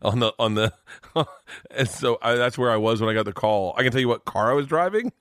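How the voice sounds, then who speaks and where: A man telling stories on a podcast, animated and swearing, often acting out the voices of the people in them. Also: mid-range voice, a little fast, no echo, clean studio sound. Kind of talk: casual podcast storytelling.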